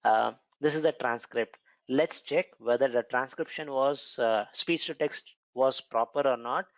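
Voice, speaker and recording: A man's voice: mid-range voice, a little slow, no echo. A man with an Indian accent explaining a cloud computing course in a conversational tutorial style, with frequent fillers and repeated words. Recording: dull, lo-fi, dry sound.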